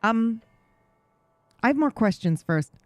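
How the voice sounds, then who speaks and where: A woman streamer giving lively, reactive commentary while playing a game, swearing when caught off guard. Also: mid-range voice, normal speed, creaky, no echo. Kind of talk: live game playthrough commentary.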